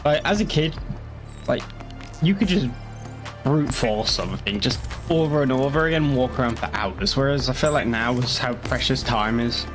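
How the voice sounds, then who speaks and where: A young man with a northeast English accent chats through a live game stream in a rambling, sweary way, answering his chat as he plays. His voice sits at a middling pitch. A little music plays faintly underneath. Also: animated, moderate pace. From northeast England.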